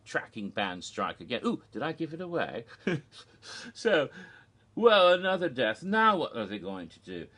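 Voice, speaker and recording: Lively, bright-voiced male vlogger. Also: mid-range voice, moderate pace, breathy edge. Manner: animated, gossipy, giggles at his own jokes. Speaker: vlogger recounting theme-park events. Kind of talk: casual recap narration.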